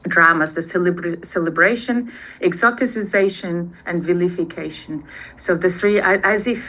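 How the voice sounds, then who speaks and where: A woman's voice: lowish voice, normal speed, sharp tone, low-quality recording. A woman from Mongolia whose first language is Mongolian, giving an academic presentation in English with many fillers and restarts.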